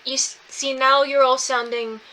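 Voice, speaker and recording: A woman's voice: sits high, little pitch movement, normal speed, sharp tone, poor audio. A woman playing her character in a tabletop game, talking in a hesitant way with frequent restarts and laughter. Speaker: tabletop player voicing a princess. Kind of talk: in-character tabletop role-play.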